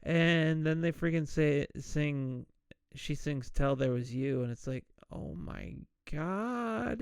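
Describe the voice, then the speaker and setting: A man retelling a film plot in a slow, unhurried drawl, his voice gravelly yet smooth. He slips into animated impressions of the characters. The recording is close and completely dry. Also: fairly high pitch, no echo. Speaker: podcast host. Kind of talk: casual movie recap with acted-out quotes.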